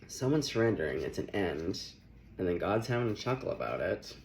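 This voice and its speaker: A young man gives a loose, joking tarot reading and keeps breaking into laughter. His voice is low with a gravelly edge. His pitch rises and falls widely as he talks. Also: a little fast, slight background noise. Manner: playful, laughing, animated. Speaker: tarot reader. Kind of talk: casual tarot reading vlog.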